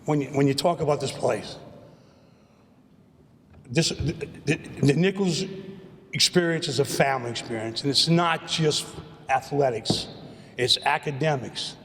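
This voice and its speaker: A man's voice: mid-range voice, a little slow, long pauses, fairly bright tone, slight background noise. A man, giving a rambling acceptance speech at a podium and often repeating his words. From Louisiana, USA. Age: late 50s. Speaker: hall of fame inductee. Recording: long hall reverb.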